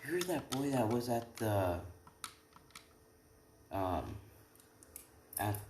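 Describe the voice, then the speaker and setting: A man's voice: mid-range voice, sing-song, drawn-out words, darkish tone, roomy sound. A young man casually making up and retelling a fan story, rambling with many restarts and asides. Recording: faint background noise.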